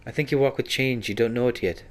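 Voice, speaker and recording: A man's voice: mid-range voice, fast, a little hiss or hum, pitched above the performer's own voice, natural voice. A man voicing a prickly, defensive young rogue woman in a fantasy game who tags her sentences with echoing endings.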